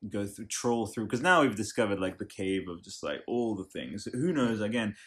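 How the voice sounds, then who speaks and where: A man hosting a casual podcast interview, excitable and riffing, swearing freely. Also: fairly low pitch, normal speed, breathy edge. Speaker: podcast host.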